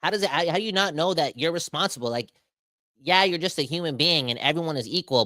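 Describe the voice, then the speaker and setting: A man hosting a sports podcast, ranting with animated, emphatic exasperation. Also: on the high side, fast talker, no echo, clean studio sound. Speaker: podcast host.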